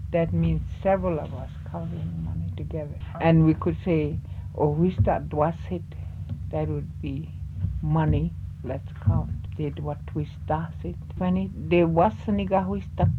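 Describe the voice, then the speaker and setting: A woman teaching words of a language, saying each one slowly and more than once, then explaining what it means. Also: fairly low pitch. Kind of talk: teaching vocabulary, slow repeated words. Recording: tinny phone-like lo-fi recording with hiss.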